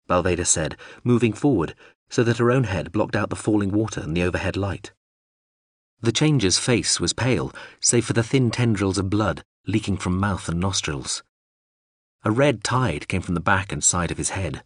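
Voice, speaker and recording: In a clean studio recording with no room sound, a man with a low voice reads an audiobook. His delivery is measured and expressive, like a storyteller's.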